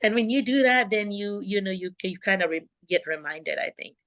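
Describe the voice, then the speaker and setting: A middle-aged woman hosts a video call and gives calm, encouraging advice to teachers. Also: mid-range voice, brisk. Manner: calm, encouraging, acts out classroom talk. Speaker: host and teacher coach.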